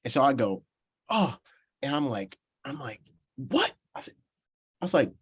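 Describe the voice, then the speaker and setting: A young man from Georgia in the US tells a story in an animated way in a relaxed interview. His voice sits at an ordinary middle pitch. He laughs between lines and often restarts his sentences. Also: normal speed, slightly rough. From Georgia, USA. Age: 20s. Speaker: professional baseball player guest.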